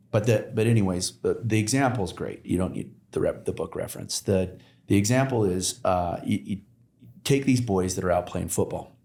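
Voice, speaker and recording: A man's voice: low voice, a little mellow. A man talking as a podcast guest, telling stories in a rambling way with many fillers and restarts. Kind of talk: casual conversation. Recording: roomy echo.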